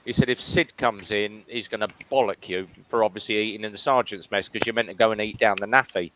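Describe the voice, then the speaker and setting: A man's voice: fairly low pitch, steady tone, quick pace, background noise. A man telling a funny army anecdote in a casual chat, breaking into laughter.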